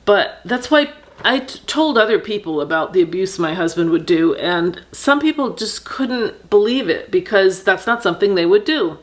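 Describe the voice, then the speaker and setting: With lively intonation and a medium-pitched voice, a middle-aged woman recounts something personal for her vlog. She sounds sincere and thoughtful, breaking off with fillers and beginning sentences again.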